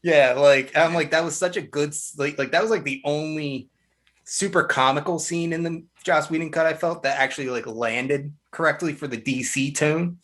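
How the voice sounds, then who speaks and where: A man's voice: on the high side, steady tone, normal speed, a bit bright. A man co-hosting a casual movie review podcast, animatedly acting out scenes he liked. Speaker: podcast co-host.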